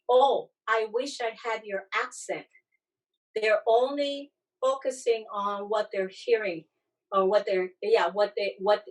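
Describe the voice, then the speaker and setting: A woman with foreign accent syndrome, speaking haltingly on a church panel as a disability advocate. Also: mid-range voice, recorded from a distance, low-quality recording. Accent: foreign accent syndrome, accent not from her Southern California origin. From Southern California. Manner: halting, restarts and searches for words. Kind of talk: panel discussion.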